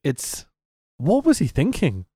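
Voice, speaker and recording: A man co-hosting a wrestling podcast in casual chat, swearing freely, laughing often and rambling quickly. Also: a little high, wildly swooping pitch, mellow, breathy edge, no echo, studio quality.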